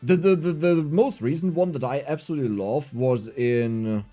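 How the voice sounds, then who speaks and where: A man's voice: on the high side, moderate pace. A young man with a German accent, a German native speaker, chatting casually and rambling animatedly on his livestream while gaming. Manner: animated, rambling, frequent restarts. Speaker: streamer. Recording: faint game music behind.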